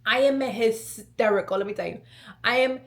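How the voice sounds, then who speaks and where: A young woman recounts a personal story straight to camera in a lively, gossipy storytime vlog. Her voice sits a little high, and she keeps things flowing with casual fillers and emphatic asides. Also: normal speed. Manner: animated, chatty storytelling with lots of "like" and "let me tell you". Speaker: vlogger.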